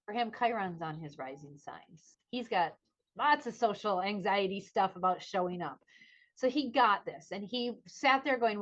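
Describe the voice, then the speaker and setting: A middle-aged woman co-hosting a podcast chats casually and tells an animated story, putting on voices for the people she quotes. Her mid-range, fairly bright voice has lively intonation and a moderate pace. The highs are cut off in the recording.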